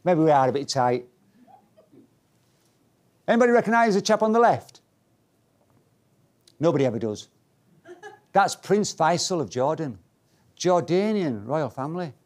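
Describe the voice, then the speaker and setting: A man's voice: on the high side, sing-song, unhurried, pauses often, darkish tone. A man giving a humorous motivational talk to a live audience, playful and self-mocking, teasing the crowd. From Yorkshire, England. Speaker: speaker.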